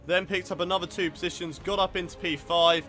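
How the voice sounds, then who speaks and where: A man's voice: high voice, fairly even intonation, brisk, a bit bright. A young man commentating live on his own racing game, getting frustrated and swearing at it. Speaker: gaming video host.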